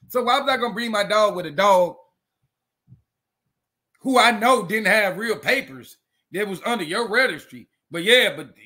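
A man's voice: high voice, pushed and bright. Fired-up man ranting at a rival. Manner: confrontational, repeats and restarts words. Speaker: dog breeder. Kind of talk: heated rant to camera.

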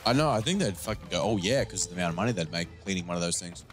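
A man's voice: low-pitched, animated, rapid-fire. A man playing a video game and chatting, muttering at the screen and swearing when it goes wrong. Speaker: co-host and player of a gameplay channel. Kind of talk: casual gameplay commentary.

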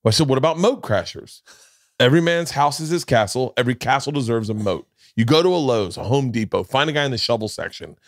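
A man hosting a podcast, telling comic stories in a casual, animated way and acting out quoted lines with big jumps in pitch. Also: fast talker, no room sound, studio quality. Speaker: podcast host. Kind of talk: casual comedic storytelling.

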